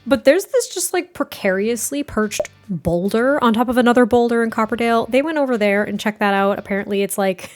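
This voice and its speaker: A woman's voice: a little high, lively intonation, brisk, few pauses. A woman casually narrating a life-sim story, chatty and giggly, rambling and restarting her sentences. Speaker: game narrator. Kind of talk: casual let's-play storytelling.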